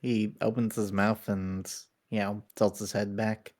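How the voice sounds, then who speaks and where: A man with a lowish voice narrates his character's actions in a tabletop game. He talks hesitantly, with plenty of fillers. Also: flat delivery, a little slow, a little mellow. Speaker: player.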